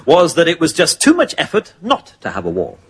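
An actor playing a sardonic, weary British army captain, dry and cutting in an English accent, in a sitcom before a studio audience. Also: male voice, fairly high pitch, wildly swooping pitch, fairly quick, a bit bright, slightly rough, heavily acted. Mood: sarcastic. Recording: hissy TV sitcom audio with audience laughter.

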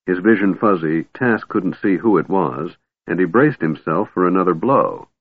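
Low, husky male audiobook narrator. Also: no room sound. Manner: measured, steady reading. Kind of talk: scripted narration. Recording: tinny phone-like band, dry.

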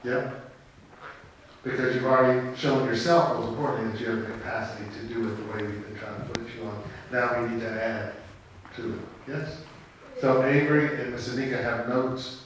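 A man's voice: mid-range voice, level tone, moderate pace, slight background noise. A man leading a rehearsal, encouraging the cast and laying out the plan step by step. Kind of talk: rehearsal briefing. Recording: echoey room, taped from far off.

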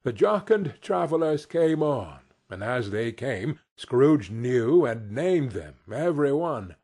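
A man narrating an audiobook in expressive, unhurried scripted narration. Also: medium pitch, breathy edge.

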